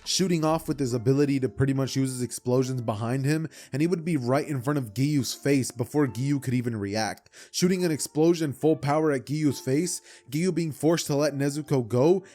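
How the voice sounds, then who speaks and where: A young man casually retelling a fan-fiction story for his channel, rambling and animated with side comments. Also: mid-range voice, normal speed, hardly any pauses, faint music behind. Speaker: YouTuber.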